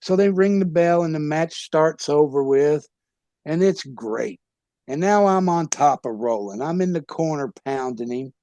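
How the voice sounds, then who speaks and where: Former wrestler, male, high-ish fry-laden voice, crude storytelling with laughs. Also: expressive, unhurried, warm tone, no room sound. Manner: rowdy, profane storyteller who laughs at his own pranks. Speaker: guest, former pro wrestler. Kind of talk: casual storytelling interview.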